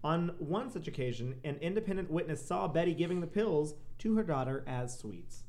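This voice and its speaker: A man's voice: on the high side, animated, normal speed, a little mellow. A man co-hosting a podcast, reading out a true crime story with joking asides and frequent laughs. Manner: laughs often, joking asides between read facts. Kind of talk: casual podcast chat, reading case notes.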